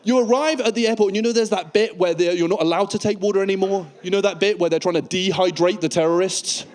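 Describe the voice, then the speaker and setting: A man from the UK doing a stand-up comedy routine on stage, animated and acting out panicky characters in sudden high bursts. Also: fast. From United Kingdom. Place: comedy stage before a live audience.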